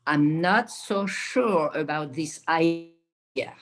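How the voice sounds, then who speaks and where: Low, slow woman student repeating phrases. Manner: careful, deliberate repetition. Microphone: video call.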